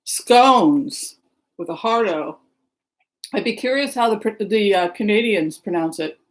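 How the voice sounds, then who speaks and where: A woman's voice: medium pitch, expressive, moderate pace, poor audio. A middle-aged woman from the Seattle area, chatting casually and rambling as she greets viewers by name during a livestream. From Seattle area, Washington. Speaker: livestream host. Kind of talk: casual chat with live viewers.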